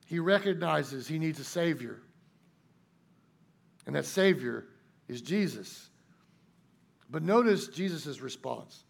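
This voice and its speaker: A pastor delivering a sermon in a folksy, emphatic manner, drawing out his key points. His voice is high for a man and carries a gravelly, creaky texture. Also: slow, long pauses.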